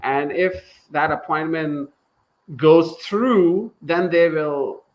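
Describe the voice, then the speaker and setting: A man in his thirties with a Pakistani accent, a company founder telling his story in a casual interview, animated and acting out what people said. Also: on the high side, takes it slowly, poor audio. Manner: animated, acts out quoted dialogue, laughs while telling.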